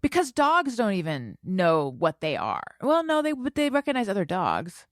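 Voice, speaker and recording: A woman co-hosting a podcast in casual chat, animated and quick with jokes. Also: medium pitch, no room sound, clean studio sound. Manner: animated, laughing, quick asides. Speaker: podcast co-host.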